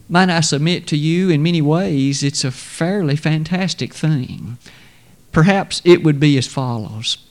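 Emphatic preacher man, slightly high voice. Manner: measured, emphatic preaching with sudden rises and drops in pitch. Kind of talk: sermon.

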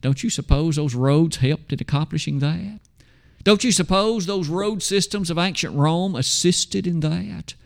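A man preaching a sermon, emphatic, asking rhetorical questions and slowing down to stress scripture. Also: fairly high pitch, a little mellow.

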